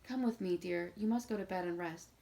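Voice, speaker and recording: A woman reading a storybook who voices a kind, motherly schoolmistress speaking gently to a boy. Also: on the low side, brisk, gravelly, rough recording. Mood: soothing. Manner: gentle, soothing.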